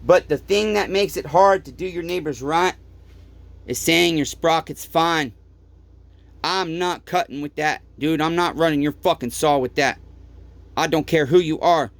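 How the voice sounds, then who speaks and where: A high-voiced man rants in his repair workshop, worn out and fed up. He swears at nearly every turn as he airs his frustrations. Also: unhurried, no echo. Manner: swears constantly, frustrated ranting. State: tired, fed up. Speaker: small-engine repair shop owner. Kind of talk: angry workshop rant to camera.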